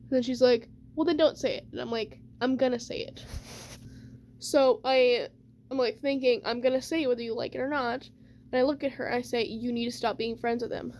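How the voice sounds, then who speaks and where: A young woman with a high, light voice tells a personal story in a loose, rambling way. Her talk is full of casual fillers, and faint background noise hums under her voice. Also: steady tone, fairly quick, a little mellow. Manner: rambling, chatty, many fillers like "like" and "whatever". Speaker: vlogger.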